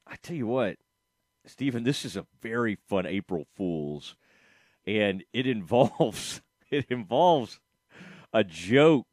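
A man's voice: mid-range voice, no echo. Man, radio host, rambling casual talk, dry studio sound. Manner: rambling, laughs often, addresses his producer.

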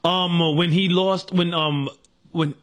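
A man co-hosting a casual podcast, telling stories in a rambling, halting way. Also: high-pitched, fairly even intonation, a bit bright. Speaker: podcast co-host. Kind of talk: casual chat among friends.

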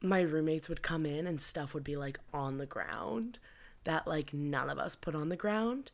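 A woman's voice: low-pitched, measured pace. A woman in her twenties, a podcast co-host, telling stories in a loose, casual way and swearing freely. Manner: loose, profane storytelling. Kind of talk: casual chat.

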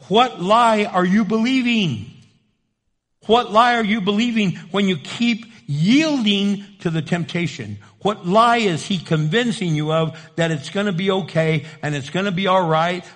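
A male preacher delivers a sermon in a high, ringing voice. He hammers his points with repeated phrases and pointed rhetorical questions. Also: fairly bright tone.

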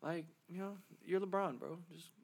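A man's voice: sits high, normal speed, creaky. A man co-hosting a podcast in a casual, joking chat, full of slang and repetition. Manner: loose and joking, slangy, repeats himself. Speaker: podcast co-host.

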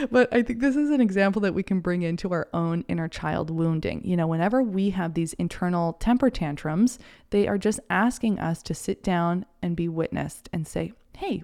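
A woman coach speaks in a casual monologue, her voice low and mellow with a gravelly edge. She talks softly and reflectively, gently encouraging the listener. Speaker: podcast host and coach.

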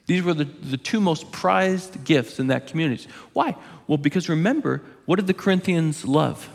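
A male pastor preaching an earnest, emphatic sermon, pausing on key words for weight. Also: a little high, animated, gravelly, big-room sound.

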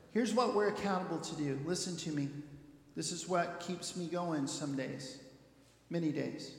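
A male pastor preaching a sermon, earnest and emphatic, rising to loud peaks. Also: a little high. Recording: roomy hall reverb.

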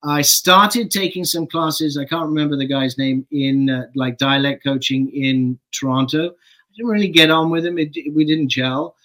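Relaxed middle-aged man telling stories. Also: on the high side, moderate pace, poor audio. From England. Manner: relaxed, anecdotal, swears casually. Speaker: guest actor. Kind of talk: casual interview storytelling.

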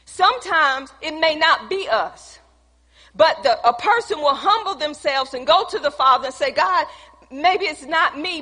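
A high, bright-voiced woman preaching a sermon, turning personal testimony into a lesson. She speaks conversationally and calls out to the congregation. Her voice rings with long reverb from a church hall.

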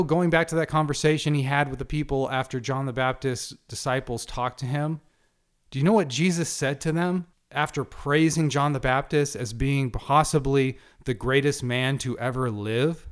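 A man giving a passionate monologue, emphatic and punchy, full of rhetorical questions. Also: a little high. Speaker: speaker giving a monologue on religion.

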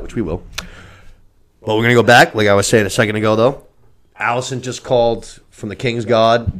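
A man hosting a casual podcast, recapping a TV episode in a loose, profane way and slipping into quick voices for the characters. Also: mid-range voice. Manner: animated, swears a lot, acts out characters in quick asides. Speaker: podcast host.

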